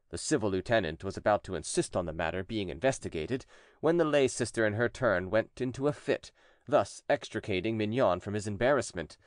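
A man narrating a classic text as an audiobook, telling the story in a lively, expressive way. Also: on the low side, no echo, clean studio sound.

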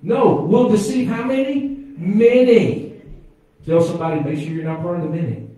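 A pastor preaching a sermon, calling out to the congregation and swinging from quiet asides to loud exclamations. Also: male voice, a little high, lively intonation, quick pace. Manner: preaching with call-and-response to the congregation. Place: church sanctuary. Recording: echoey church from far off.

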